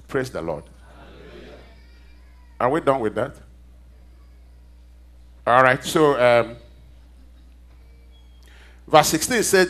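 A man preaching a sermon, emphatic and animated, asking the congregation questions for them to answer. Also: medium pitch, extremely slow, long pauses. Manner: call-and-response questions to the congregation.

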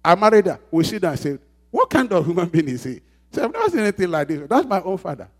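A man's voice: high-pitched, sing-song, fast. A man preaching a sermon as pastor, emphatic and repeating phrases, calling out questions for the congregation to answer. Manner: call-and-response questions to the congregation.

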